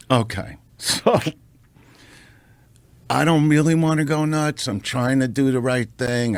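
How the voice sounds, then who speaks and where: A comedian guest on a podcast tells a showbiz story, brash, profane, and animated, building to punchlines on a close studio mic. His voice is lowish and the recording is dry.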